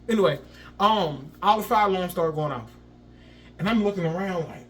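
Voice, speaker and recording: A man's voice: fairly high pitch, big pitch swings, moderate pace, a bit bright. A young man, telling a story in a vlog and acting out sounds and his own panic. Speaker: vlogger.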